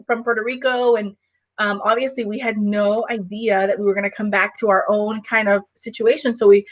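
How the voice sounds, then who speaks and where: A woman hosts an interview over a video call, her voice a little higher than most. The sound is dry and close, and she keeps a warm, encouraging tone with her guest. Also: no echo, rough recording. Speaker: host. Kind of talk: interview chat.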